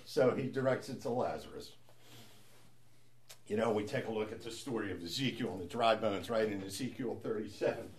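A man's voice: fairly low pitch, lively intonation, fairly quick. Guy teaching a bible class, chatty, keeps asking "right?". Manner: conversational, asks rhetorical questions with frequent "right?".

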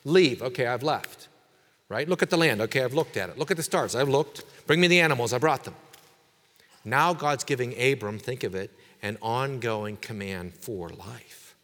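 A man pastor preaching a sermon with emphatic delivery, dropping quiet and then rising to forceful exhortation. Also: medium pitch, lively intonation, normal speed, long reverb tail.

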